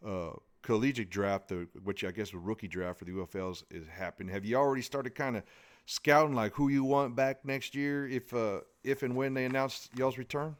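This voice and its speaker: A man's voice: medium pitch, moderate pace. A man hosting a podcast, chatting casually and joking with his guest. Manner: joking, folksy, lots of restarts. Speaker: podcast host. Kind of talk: casual interview chat.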